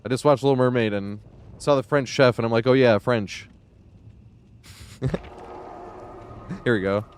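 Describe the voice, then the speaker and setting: A man's voice: mid-range voice, normal speed, clean tone. A young man streaming a video game, chatting casually and rambling, laughing often and swearing freely. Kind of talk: casual gaming stream chat.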